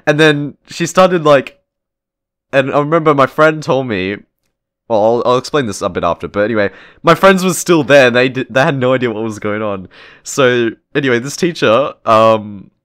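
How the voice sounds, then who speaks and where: A man's voice: medium pitch, expressive, normal speed, fairly bright tone, smooth, no room sound, studio quality. A teenage boy hosting his channel, telling a story in a rambling, casual way, often tagging lines with "right?" and "okay?" and swearing freely. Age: teens. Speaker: channel host.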